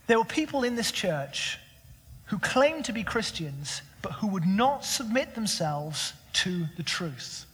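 A man's voice: high voice, expressive, measured pace, a bit bright, breathy edge, in a large hall. A young man preaching a sermon as pastor, conversational and full of rhetorical questions.

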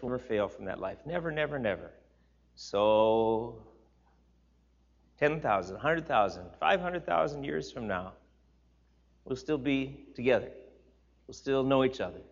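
A man teaching a Bible class in an informal sermon, chatty and emphatic, repeating words for stress and turning to listeners with asides. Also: mid-range voice. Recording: slightly dull, lo-fi recording.

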